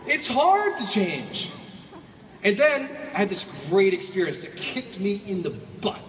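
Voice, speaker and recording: A man giving a motivational keynote to a large audience. He swings between quiet reflection and shouted bursts, and he acts out quoted voices. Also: high-pitched, expressive, measured pace, a little hiss or hum. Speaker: motivational speaker. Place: large hall. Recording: echoey hall from far off.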